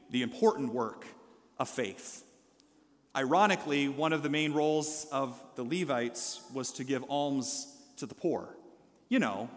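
A male pastor preaching a sermon, energetically leading the congregation in call-and-response and dropping into quiet asides. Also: on the high side, long reverb tail. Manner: shifts between loud exhortation and quiet asides. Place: church sanctuary.

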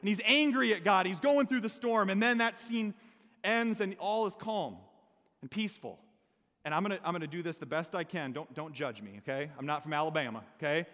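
Guy preaching to his church, keeps asking okay? amen?, high-ish voice, big echoey hall. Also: brisk. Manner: conversational preaching with frequent "okay?" and "amen?" to the congregation; lively storyteller who mixes humor with earnest emphasis. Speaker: pastor. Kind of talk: sermon. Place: church service before a congregation. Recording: long hall reverb.

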